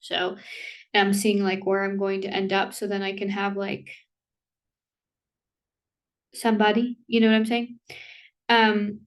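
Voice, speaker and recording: A woman's voice: mid-range voice, completely flat delivery. A woman vlogger rambles through a casual rant, breaking off mid-thought and apologizing as she goes. Her voice sits in an ordinary middle register and comes across slightly distant from the microphone. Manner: rambling, self-interrupting, full of "like" and quick apologies; laughs between thoughts. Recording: voice somewhat distant from the mic.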